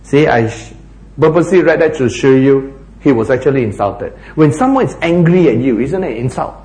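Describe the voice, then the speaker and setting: A man preaching a sermon, emphatic and animated, often acting out quoted lines. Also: mid-range voice, a little fast. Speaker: pastor. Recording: echoey hall.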